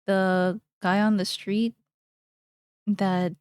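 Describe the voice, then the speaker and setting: A woman's voice: mid-range voice, little pitch movement, drawn-out words, darkish tone, smooth, no echo, studio quality. A young woman streamer chatting casually while she draws, rambling playfully and thinking aloud.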